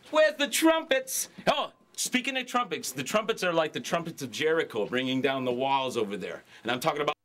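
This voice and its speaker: A man pitching instruments from his music store in a brash, ranting hard-sell style, swinging between shouts and mutters.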